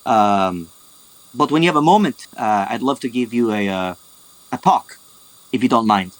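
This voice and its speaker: A man's voice: on the low side, lively intonation, moderate pace, no room sound, close to an everyday voice, low-quality recording. Man playing a polite hesitant woman. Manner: polite, hesitant, full of ums. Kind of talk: tabletop role-play over a voice call.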